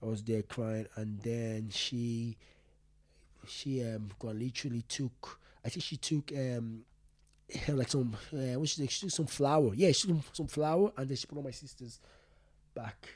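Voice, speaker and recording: A young man telling a personal story as an interview guest, rambling and halting with many fillers and restarts. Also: mid-range voice, a little mellow, no room sound. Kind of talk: casual interview talk.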